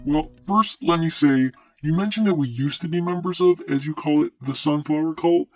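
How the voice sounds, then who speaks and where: An actor playing a male cult leader on a talk show, who rambles in a calm, self-assured and surreal way. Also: a little high, moderate pace, soft background music, natural voice. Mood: serene, rambling.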